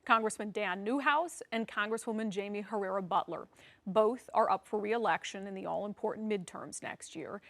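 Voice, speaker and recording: A woman hosting a political news program, presenting in a brisk, conversational way with wry asides. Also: mid-range voice, a bit bright. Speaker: news show host.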